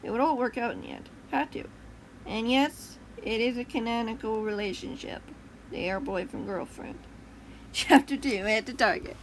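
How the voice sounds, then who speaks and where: Chatty woman reading her own story, a bit high, catches her slips, light hiss in the back. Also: very animated, normal speed, creaky, rough recording. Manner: chatty, corrects slips aloud, laughs at asides.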